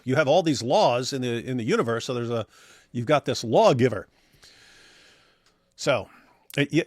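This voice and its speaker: Reading out super chats on a laid-back livestream, this male co-host rambles with wry comments and keeps restarting his sentences. He has a mid-range voice, captured at studio quality without echo.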